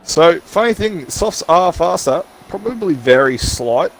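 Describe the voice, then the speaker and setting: A man calling a sim race with plenty of playful banter. His pitch leaps up high whenever he gets excited, then settles back into easy chat. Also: unhurried. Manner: excitable, jokey banter with sudden high yelps. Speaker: co-commentator. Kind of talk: sim racing commentary.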